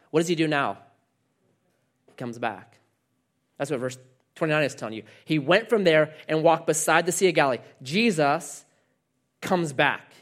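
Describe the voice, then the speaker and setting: A man's voice: fairly high pitch, a bit bright. A man preaching a sermon, telling a story with quoted dialogue in an earnest manner. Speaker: pastor.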